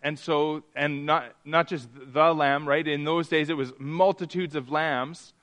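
A man's voice: a little high, fairly even intonation, unhurried, fairly bright tone. A man leading an interactive Bible class, reading scripture aloud, asking the group questions and often restarting his sentences. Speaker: Bible study teacher.

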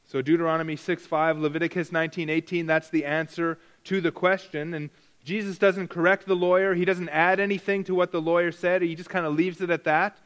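A man's voice: on the high side, level tone, a little fast, a bit bright, clear, resonant tone. A man preaching a verse-by-verse Bible lesson, stressing key words through repetition and often restarting or correcting himself mid-sentence. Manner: frequent restarts and self-corrections.

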